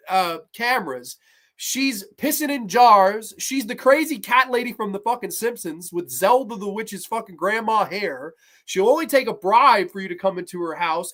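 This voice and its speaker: Sarcastic horror movie reviewer ranting, cussing nonstop, swings from mutters to yelling. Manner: swings from low grumbles to loud mocking shouts.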